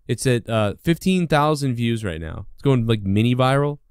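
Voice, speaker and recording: A man's voice: medium pitch, expressive, moderate pace, clean tone, dry recording. Rambling, profane man with a dry sound. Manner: profane, rambling, indignant, full of fillers. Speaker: podcast host. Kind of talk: solo rant.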